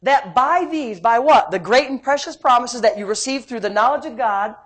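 Animated woman preacher, high voice. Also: moderate pace, slightly rough. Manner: animated preaching, swings from loud emphasis to hushed asides; tells homey stories with laughter. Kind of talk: sermon.

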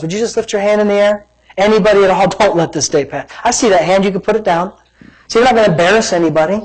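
A man's voice: high-pitched, breathy edge, poor audio. A man preaching a sermon as pastor, emphatic and repetitive, acting out imagined conversations, then leading a prayer and altar call. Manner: emphatic preaching, repeats lines, plays out imagined dialogue.

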